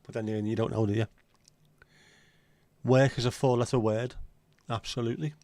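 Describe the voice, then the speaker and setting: A man's voice: medium pitch, fairly even intonation, normal speed, dark tone, no room sound. Chatty man hosting a livestream. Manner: chatty and joking, answers viewer comments. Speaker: livestream host. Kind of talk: casual livestream chat with viewers.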